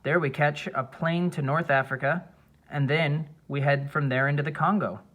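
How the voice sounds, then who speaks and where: A man voicing a witty young mother who speaks in a soft, gently correcting way in an audiobook. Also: on the high side, fairly even intonation, moderate pace. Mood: teasing. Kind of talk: audiobook character voice.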